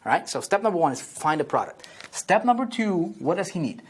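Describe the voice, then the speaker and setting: A man's voice: high voice, sing-song, a little fast, husky. A man teaching online marketing at a whiteboard, repeating key phrases and checking in with "okay?" and "right?" after nearly every point.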